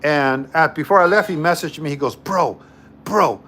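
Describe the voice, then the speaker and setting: A man's voice: a little high, fairly quick, sharp tone, a little hiss or hum. A man hosting a livestream, telling a story to his chat in a casual, joking way and repeating himself often. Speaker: livestream host.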